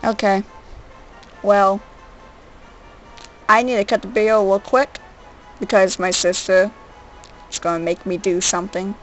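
A woman's voice: mid-range voice, steady tone, a little slow, pauses often, poor audio. A woman groaning, whining and being sarcastic while streaming a handheld game at home. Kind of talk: live game stream commentary. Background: faint game music.

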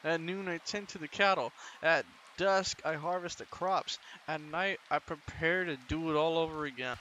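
A man voicing a farmer who recites his daily routine in a flat, repetitive way. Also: on the high side, moderate pace, a little hiss or hum. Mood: droning.

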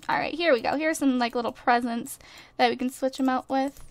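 Her high voice is brisk with fairly even intonation, captured dry on a desk USB microphone. A gaming YouTuber, she chats bubbly and casually over a life-simulation game, gushing to viewers and often laughing.

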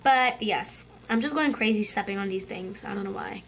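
A woman hosting a gaming channel, giving excitable let's-play commentary and chattering to her viewers. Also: medium pitch, moderate pace.

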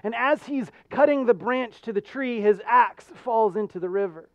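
A male American pastor preaching a sermon with earnest storytelling and animated jokes. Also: very high voice, normal speed, no room sound, muffled recording.

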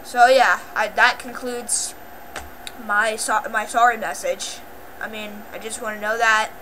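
A woman talking casually to camera in a rambling, halting apology, full of filler words and repeated pleas. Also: fairly high pitch, fairly even intonation, bright, forceful tone, a little hiss or hum, poor audio. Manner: pleading, repetitive apologizing. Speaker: channel owner.

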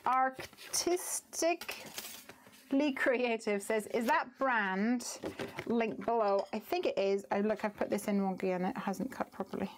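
A woman's voice: medium pitch, fairly even intonation, moderate pace. A chatty woman demonstrates card making live from her home craft room, talking through each step and wandering off track as she goes. Her voice sits in an ordinary middle range, with a faint hiss of noise underneath. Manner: chatty, thinks aloud, easily distracted. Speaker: crafting live-stream host. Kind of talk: casual chatty craft demo.

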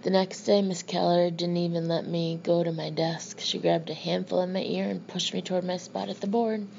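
Low, gravelly woman narrating an audiobook. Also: moderate pace. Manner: plain, steady storytelling. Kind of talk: first-person audiobook narration. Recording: slightly muffled with faint hiss.

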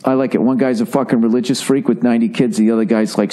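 A man in his forties talks alone into a podcast mic, swearing freely and poking fun at himself as he rambles from story to story. His voice sits at an ordinary middle pitch, loose and conversational. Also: fairly even intonation, fast talker, dark tone. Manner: profane, conversational, self-deprecating storytelling. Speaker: podcast host. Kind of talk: rambling comedic monologue.

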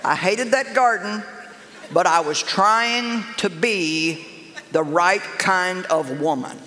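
An older woman preaching a humorous sermon, telling stories in an animated, sassy, self-mocking way. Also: lowish voice, slow pace, a little hiss or hum. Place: large church auditorium with a live congregation. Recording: echoey hall with crowd laughter.

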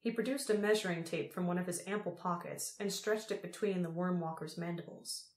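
A woman narrating an audiobook in a steady, measured way. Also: lowish voice. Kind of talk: scripted narration. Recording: roomy echo.

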